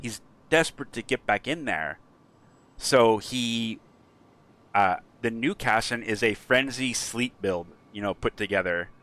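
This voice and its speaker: A man's voice: mid-range voice, measured pace. A man streaming a game who rambles through a story in a casual way, with lots of fillers. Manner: rambling, frequent fillers, animated.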